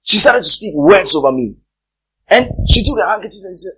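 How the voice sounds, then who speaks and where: Husky, animated male preacher. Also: sits high, fairly quick, low-quality recording. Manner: emphatic, repeats phrases for effect. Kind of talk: sermon.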